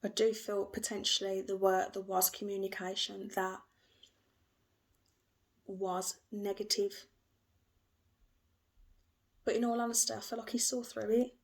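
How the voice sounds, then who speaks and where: Gravelly-voiced woman reading tarot. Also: medium pitch, flat delivery, unhurried, long pauses. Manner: gentle, repetitive, emotional. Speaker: tarot reader.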